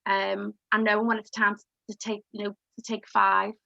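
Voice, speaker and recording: A woman's voice: medium pitch, flat delivery, normal speed, vocal fry, sharp tone, no room sound. A woman counsellor speaking reflectively on a video call, chatty with many fillers and restarts. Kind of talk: casual group discussion on a video call. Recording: dry, muffled video call audio.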